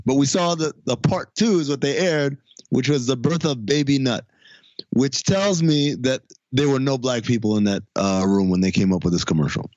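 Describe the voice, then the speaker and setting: A man's voice: medium pitch, a little mellow, no echo, dull audio. A man hosting a casual podcast chat, leading the segments in a blunt, joking way. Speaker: podcast host.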